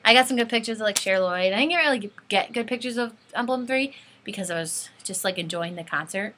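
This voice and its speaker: A teenage girl telling an excited fan story in a casual vlog, gushing and saying "like" constantly. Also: mid-range voice, brisk. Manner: gushing, breathless, says like constantly. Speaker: fan vlogger.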